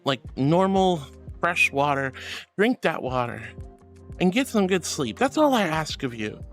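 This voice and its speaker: A man streaming live, chatting with viewers and reading their messages aloud. He talks in a gushing, affectionate way, laughs often and calls people sweetie and honey. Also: on the high side. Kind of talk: livestream chat, reading chat.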